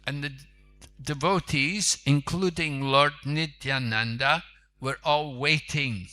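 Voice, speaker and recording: A man's voice: a little high, slow, bright, forceful tone, soft background music. A man, a monk preacher, telling a sacred story in a conversational sermon with asides.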